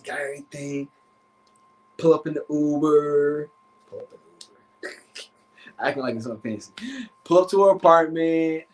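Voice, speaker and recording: A man, a relationship coach, telling a personal story on a casual live stream. He is animated, slangy and profane, and acts out the voices in his head. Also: fairly high pitch.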